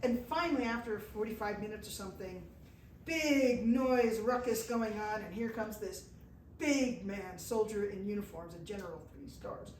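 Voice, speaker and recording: A woman from the United States, medium-pitched with a darkish tone and normal speed, delivers a live travel story to an audience in an indoor event space. She imitates the people she quotes and laughs at herself, heard from afar in an echoey room with slight noise.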